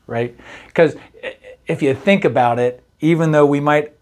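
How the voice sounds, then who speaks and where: Folksy middle-aged pastor giving a devotional. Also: male voice, mid-range voice, a little slow. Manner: conversational, folksy, often asks "right?". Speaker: campus pastor. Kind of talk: daily devotional talk.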